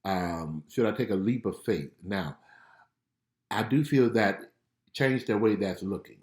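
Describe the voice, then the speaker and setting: A man gives spiritual readings in a casual, conversational tone, with a fairly low voice. He laughs easily and keeps asking his listeners if they follow him. The room around him sounds echoey. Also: unhurried, a little mellow. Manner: casual and chatty, laughs often, keeps checking in with "okay?". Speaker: prophet and spiritual life coach. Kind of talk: live prophetic reading answering viewer questions. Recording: roomy echo.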